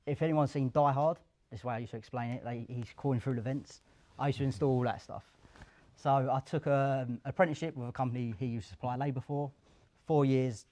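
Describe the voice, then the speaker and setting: Chatty young man. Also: medium pitch. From Essex, England. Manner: lively, chatty, acts out quoted dialogue. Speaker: guest, career switcher. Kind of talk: casual storytelling interview. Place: office at a live community event.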